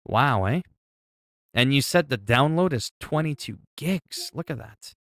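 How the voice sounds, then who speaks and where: A man's voice: medium pitch, lively intonation, a little slow, fairly bright tone, dry recording, studio quality. A man chatting casually on a livestream, reacting to chat messages and exclaiming as he talks.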